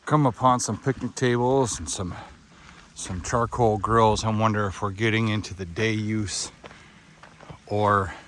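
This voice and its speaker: A man's voice: lowish voice, a little slow, noisy background. A man narrating a casual hiking vlog outdoors on a park trail, chatting to viewers as he walks. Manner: relaxed, chatty, talks to viewers while hiking. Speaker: hiking vlogger.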